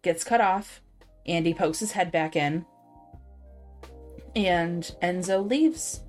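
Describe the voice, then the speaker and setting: Woman co-host, low-ish voice, candid and animated, faint music under. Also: slow pace. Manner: candid, animated storytelling with swearing. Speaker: podcast co-host. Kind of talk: casual book discussion.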